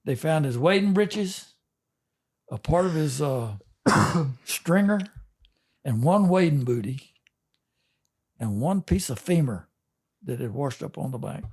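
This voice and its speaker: A man's voice: on the high side, lively intonation, darkish tone, slightly rough. An older man, a fishing captain telling a folksy story in a casual interview. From Texas. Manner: folksy, drawn-out yarn spinning with chuckles.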